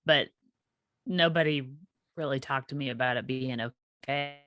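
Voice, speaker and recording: A woman's voice: rumbling low, a little slow, a bit bright, no room sound, clean studio sound. A woman, hosting a casual podcast conversation and responding as an empathetic listener. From US South. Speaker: podcast host.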